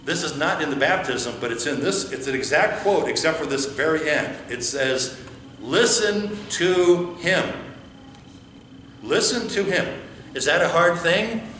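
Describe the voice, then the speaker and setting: A man's voice: fairly high pitch, animated, moderate pace, few pauses, pushed and bright, a little hiss or hum. A man with an American accent, a pastor preaching a conversational sermon and asking his congregation questions. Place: church sanctuary. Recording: echoey church with faint ambience.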